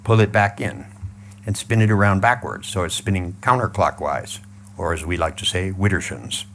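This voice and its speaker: A man leading a live audience through a mental exercise, mixing blunt swearing with calm repeated cues. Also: low-pitched, normal speed, slight background noise. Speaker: seminar trainer.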